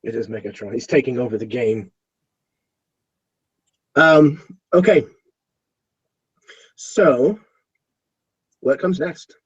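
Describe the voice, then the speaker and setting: A man with a husky voice, narrating a tabletop game as game master in a relaxed way with many fillers. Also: mid-range voice, slow pace, long pauses, dull audio.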